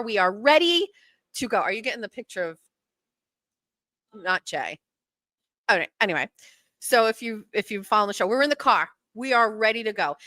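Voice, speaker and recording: A woman's voice: fairly high pitch, pushed and bright, no echo. A middle-aged woman hosting her own show, telling a story in a chatty, self-mocking way and acting out the voices of people she quotes. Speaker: podcast host. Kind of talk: casual storytelling chat.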